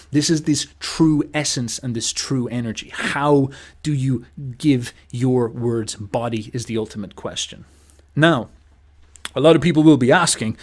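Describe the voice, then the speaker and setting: A man talks through philosophy and language in an unscripted, emphatic monologue. His delivery is animated and punchy, with casual swearing, and he slips into mocking impressions of other people. His voice sits at an ordinary middle pitch for a man. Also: a little slow. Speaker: host.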